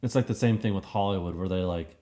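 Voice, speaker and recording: Lower-voiced man, rambling, filler-heavy, casual podcast chat. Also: fast, warm tone.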